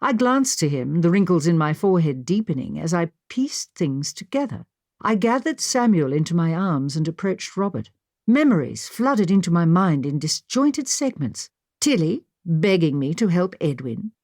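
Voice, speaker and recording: Woman audiobook narrator, first-person period mystery, lively and expressive, low-set voice. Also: normal speed, dry recording, clean studio sound. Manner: expressive storytelling. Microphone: studio microphone.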